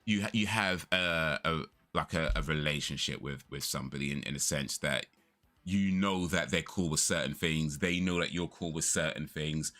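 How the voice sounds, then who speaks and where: A man's voice: extremely low pitch, moderate pace, bright, forceful tone. A young man chatting casually on a live stream, rambling through stories and laughing often.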